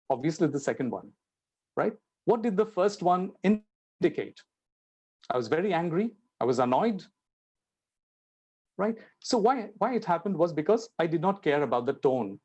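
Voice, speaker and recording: A man's voice: a little high, a little mellow, breathy edge, highs cut off. A man giving a spoken English lesson, explaining and acting out example sentences with changing intonation and stress. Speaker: teacher.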